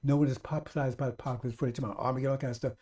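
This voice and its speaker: A man's voice: mid-range voice, fairly even intonation, rapid-fire, warm tone. A man preaching a radio sermon, repeating himself emphatically and calling out to his brothers and sisters. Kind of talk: live-streamed radio sermon.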